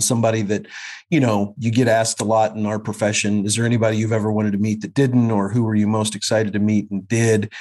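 A man's voice: lowish voice, a little mellow. A man in his fifties, a guest actor, chatting casually and reminiscing with many fillers and restarts. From Kansas City area. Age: 50s. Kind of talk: casual conversation.

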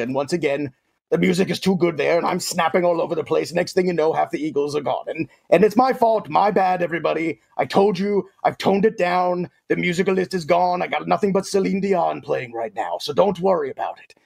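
A man's voice: a little high, full character voice. A man playing a smug, grandiose alien warlord in a comic sports segment, pompous and talking about himself in the third person. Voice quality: gravelly, husky. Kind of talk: comic sports picks in character.

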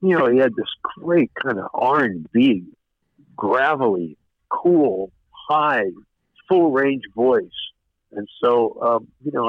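A man's voice: medium pitch, dry recording. An older man, a record producer, telling stories in an interview, rambling with many fillers and restarts. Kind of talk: casual interview storytelling. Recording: dull lo-fi radio sound.

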